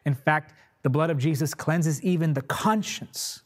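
A man's voice: a little high, unhurried. A man preaching a sermon in a repetitive, declarative cadence, then praying fervently for listeners. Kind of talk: sermon with closing prayer.

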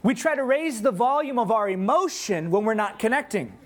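Animated preacher telling a story. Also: male voice, high voice, fairly quick. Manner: animated storytelling, acts out his own prayers. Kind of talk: sermon.

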